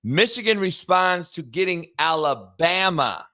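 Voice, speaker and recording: A man's voice: high-pitched, animated, sharp tone. A man hosting a sports talk show, brash and profane, reading sponsor spots and stretching words out for emphasis. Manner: brash, profane, shifts between drawn-out emphasis and quick bursts. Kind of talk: loud casual sports talk with ad reads.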